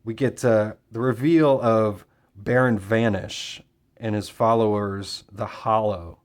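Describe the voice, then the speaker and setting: A man casually summarizing and reviewing a comic book issue, talking with frequent fillers and pauses. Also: fairly low pitch. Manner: relaxed, hesitant with fillers.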